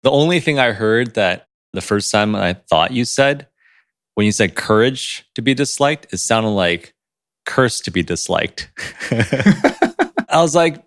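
A man co-hosting a podcast in casual chat, animated and quick to laugh. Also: mid-range voice, no echo, studio quality. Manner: animated, laughs often, words tumbling fast. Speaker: podcast co-host.

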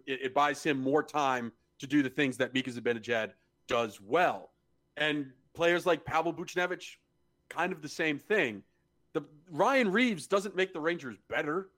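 A man's voice: a little high, a bit bright. A man co-hosting a casual sports podcast, talking bluntly and analytically and swearing freely. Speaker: podcast co-host.

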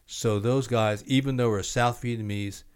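A man's voice: mid-range voice, fairly even intonation, normal speed, smooth. A man hosting a podcast, prompting his guest with short questions and replies. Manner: brief back-channel replies and prompting questions. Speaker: podcast host. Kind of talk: casual interview.

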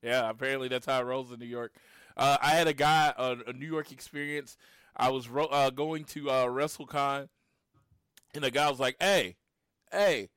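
A man in his late thirties from Oklahoma, talking casually as a podcast co-host. He retells his encounters with lively storytelling, his voice mid-pitched and dry, close to the mic with no room sound. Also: moderate pace, clear, resonant tone, no room sound. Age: 30s. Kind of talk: casual chat.

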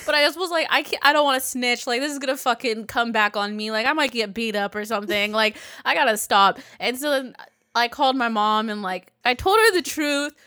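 A woman's voice: on the high side, fairly quick, sharp tone. A young woman co-host telling a story in casual chat, blunt and wry with plenty of swearing. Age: young adult.

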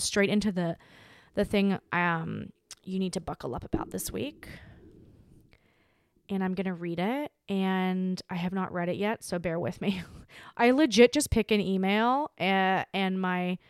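A woman's voice: mid-range voice, no room sound, clean studio sound. A woman hosting her own podcast, talking candidly and animatedly in a casual chat straight to listeners. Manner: chatty, candid, animated, with frequent filler "like". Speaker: podcast host.

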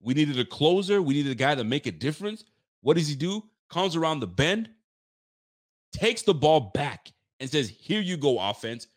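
A man's voice: fairly high pitch, sing-song, normal speed. A fired-up man giving a rambling sports rant, full of restarts and street slang. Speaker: sports fan commentator. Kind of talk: heated football rant.

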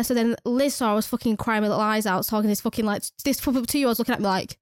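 A woman's voice: a little high, fairly even intonation, rapid-fire, few pauses, no room sound. Young woman, rants and swears freely, dry close sound. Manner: sweary, exasperated ranting. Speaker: nursery worker. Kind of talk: casual storytelling chat.

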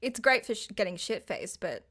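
A woman's voice: medium pitch, sing-song, moderate pace, fairly bright tone. A young woman, chatting casually and giggling, joking about herself. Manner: giggly, chatty, self-deprecating. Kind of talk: casual chat.

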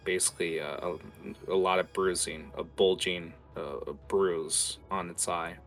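A man narrating a tabletop game as its game master, animated and full of filler words. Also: low voice, measured pace.

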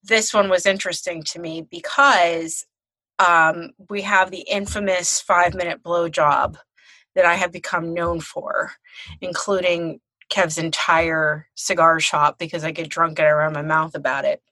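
A woman's voice: lowish voice, level tone, a little slow, bright, forceful tone, dry recording, low-quality recording. A woman hosting a podcast, telling stories in a frank, bawdy, casual way. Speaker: podcast host. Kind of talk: casual chat.

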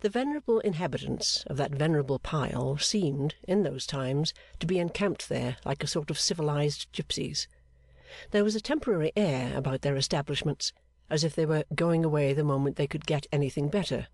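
A man reading a classic novel aloud in a measured, expressive way. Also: fairly high pitch, gravelly, no room sound, clean studio sound. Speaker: audiobook narrator. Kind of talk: scripted narration of a classic novel.

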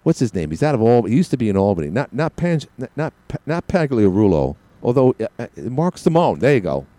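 A man's voice: mid-range voice, big pitch swings, fairly quick, mellow, dry recording. A man hosting a talk radio show from a studio on a headset, rambling and opinionated with many restarts.

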